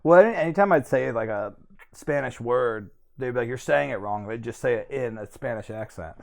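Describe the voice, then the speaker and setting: A man's voice: medium pitch, brisk, creaky. A man who is a comedian guest on a podcast, joking and putting himself down in loose banter. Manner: joking, self-deprecating, animated.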